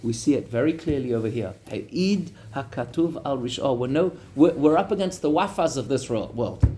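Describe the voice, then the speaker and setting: A man teaching a class as a rabbi, telling a story in an animated way and talking directly to his audience. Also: mid-range voice, moderate pace. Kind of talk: storytelling lesson.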